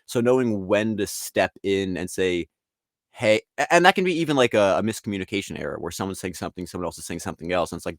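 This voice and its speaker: Lively, low-voiced man chatting. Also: dry recording, studio quality. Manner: rambling, animated, acts out quotes in voices. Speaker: guest artist and league founder. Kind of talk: casual conversational interview.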